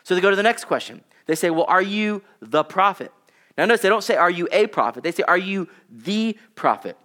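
Man, 30s, pastor, sermon, conversational, filler words, fairly high pitch. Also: expressive, quick pace, bright, forceful tone. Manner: conversational preaching with fillers, dropping low for scripture quotes.

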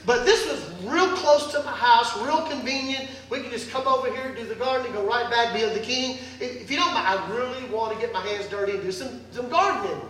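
A man's voice: very high-pitched, brisk, few pauses, fairly bright tone. A man voicing a whiny, self-pitying grown king who pleads and sulks. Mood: coaxing. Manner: pleading, sulky and coaxing. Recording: echoey hall, distant mic.

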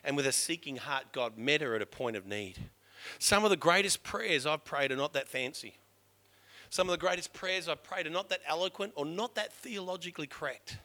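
A middle-aged pastor delivers a sermon with real fervour. His voice sits high and rings bright. He urges his listeners loudly, then drops to a hushed, earnest tone to drive a point home. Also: moderate pace. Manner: impassioned, shifting from loud urging to hushed emphasis.

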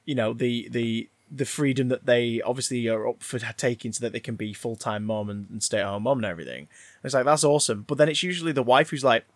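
On a podcast, a male co-host rants and riffs casually about a film, swearing freely in an animated, rambling way. His voice is medium-pitched and a little fast, with no echo.

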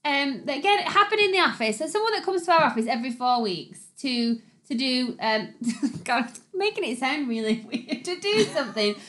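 A young woman co-hosts a casual chat podcast. Her voice sits high, and she chips in quickly and playfully. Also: very animated, a bit bright. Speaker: podcast co-host.

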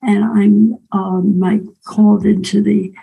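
An older woman telling a personal story in a reflective way, often pausing and adding "right?" asides. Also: medium pitch, flat delivery, creaky, dark tone, husky, rough recording.

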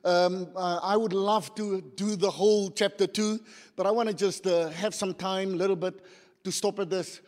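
A middle-aged man preaching a sermon in a church hall, animated and rousing the congregation. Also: high voice, normal speed. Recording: long church hall reverb.

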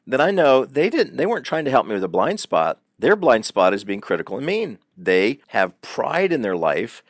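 A man's voice: medium pitch, moderate pace, dry recording, studio quality. A middle-aged man talking on a podcast as a guest counselor, telling stories with lots of repeated fillers. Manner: animated storytelling, frequent repeated fillers. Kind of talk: conversational podcast advice.

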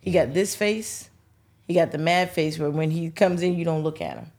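Speaking in a deep voice at a moderate pace, a middle-aged woman, the host's mother and a talk-show guest, shares humorous family anecdotes. She tells them casually and with animation, impersonating the people in each story.

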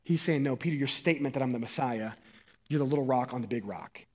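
A man preaching a sermon as pastor, animated and jokey, getting the congregation to repeat words after him. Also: mid-range voice, fast.

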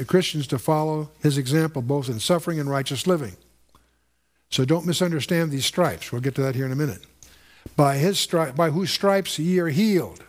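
A man preaching a verse-by-verse sermon in an earnest, explanatory way. His voice sits a little higher than most men's. He stops to ask his listeners questions and often restarts a phrase. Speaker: Bible teacher.

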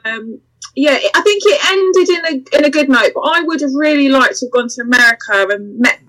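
Woman, high voice, animated, candid storyteller. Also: brisk, rough recording. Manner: animated, acts out quoted voices, laughs through the story. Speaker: interview guest. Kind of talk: candid storytelling in a podcast interview.

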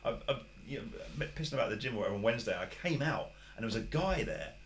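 Fast-talking podcast host. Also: male voice, medium pitch, big pitch swings, gravelly, slight background noise. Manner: rambling anecdotes with quoted voices and laughs. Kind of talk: casual storytelling chat.

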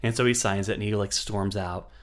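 Low-voiced man rambling through a plot. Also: fairly even intonation, a little fast. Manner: rambling plot retelling with many fillers. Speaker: podcast co-host. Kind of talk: casual chat.

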